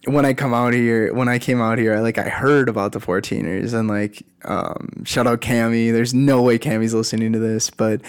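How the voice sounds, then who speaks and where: A young man hosting a casual solo podcast, talking in a rambling, animated way with lots of fillers and restarts. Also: medium pitch, normal speed, hardly any pauses, clean tone. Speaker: podcast host. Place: lives at altitude in a mountain city.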